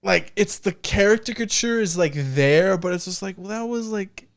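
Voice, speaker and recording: A young man co-hosting a podcast in casual chat, animated and swearing, tripping over restarts. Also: sits high, normal speed. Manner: animated, profane, many restarts. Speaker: podcast co-host.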